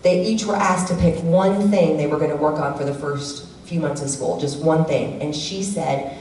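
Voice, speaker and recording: Warm-voiced middle-aged woman presenter in an echoey hall. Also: sits low, moderate pace. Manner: animated storyteller who acts out quoted family members. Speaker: workshop presenter. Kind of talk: community workshop talk with personal stories. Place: church hall. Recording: echoey hall from far off, faint room noise.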